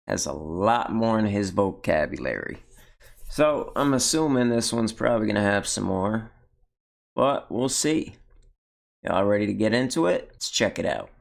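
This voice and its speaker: Laid-back gravelly man reacting. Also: on the low side, very animated, a little slow. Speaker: reaction video host. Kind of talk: casual reaction commentary.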